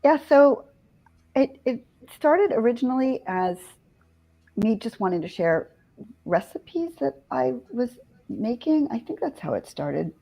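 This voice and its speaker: A woman's voice: on the high side, unhurried, creaky. A woman guest in a casual interview, talking animatedly and quoting herself as she chats about cooking. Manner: chatty, animated, quotes herself with laughs. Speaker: guest, vegan cooking teacher.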